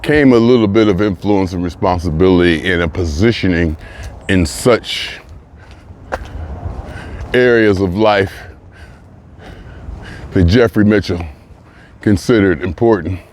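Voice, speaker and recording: A man's voice: deep voice, measured pace, long pauses, darkish tone, a little hiss or hum. A man vlogging while walking outdoors in the sun, slightly out of breath, talking in a rambling, reflective way and often restarting his phrases. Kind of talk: casual spoken monologue while walking.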